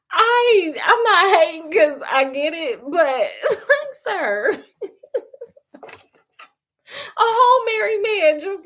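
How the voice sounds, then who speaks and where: A woman's voice: very high voice, very animated, drawn-out words, pauses often, sharp tone. Sassy, chatty woman storyteller. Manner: sassy, chatty, calls listeners girl, honey, child; laughs often. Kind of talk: casual story retelling.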